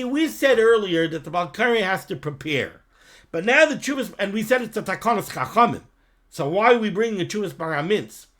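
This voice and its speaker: A man teaching a Torah study lesson, reading Hebrew text in a lilting study chant and explaining it in English, addressing listeners directly. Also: high voice. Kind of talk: Talmudic-style study lesson.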